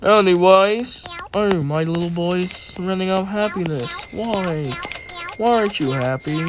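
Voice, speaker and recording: A man's voice: high-pitched, unhurried, background noise. A young man casually commenting on his gameplay in a laid-back, chatty way and teasing his in-game pet. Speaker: gaming channel host. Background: loud game music.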